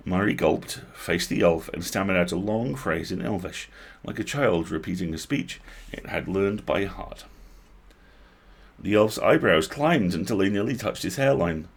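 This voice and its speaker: A man reading a novel aloud on a livestream, expressive, breaking off to comment on lines he likes. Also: low-pitched, a little slow, husky. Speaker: host reading a book aloud.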